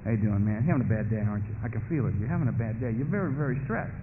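A man voicing the whispering male beast of addiction, low, hushed and wheedling as it coaxes him toward a drink. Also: animated, rapid-fire, in a large hall, background noise, natural voice. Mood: coaxing. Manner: soothing, seductive persuasion. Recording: tinny lo-fi phone-like recording.

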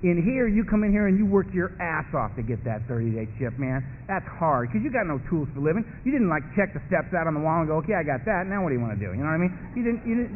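An emphatic man gives a rapid personal testimony at a recovery meeting, in a high, lively voice. His speech is colloquial and repetitive, and he keeps circling back to press his point. The sound is thin and phone-like, with a faint hiss underneath.

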